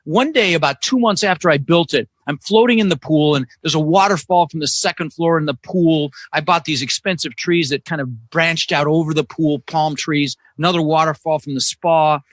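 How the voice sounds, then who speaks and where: A man guest in a casual interview, telling stories in an energetic, emphatic way from his home office. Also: on the high side, normal speed, hardly any pauses, dry recording. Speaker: podcast guest, real estate investor. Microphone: no video, audio call.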